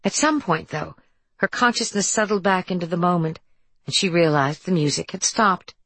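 A woman reads an audiobook in a low, husky voice with a creaky fry at the bottom. The recording is dry and close, with no room sound. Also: moderate pace, fairly bright tone, no echo. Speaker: audiobook narrator. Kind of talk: scripted narration.

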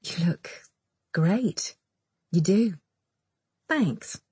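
A woman's voice: on the low side, expressive, drawn-out words, darkish tone, husky, dry recording, voice pushed up, heavily acted. A woman voicing a nervous, weary young bride, hesitant and self-conscious. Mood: awkward. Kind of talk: audiobook character voice.

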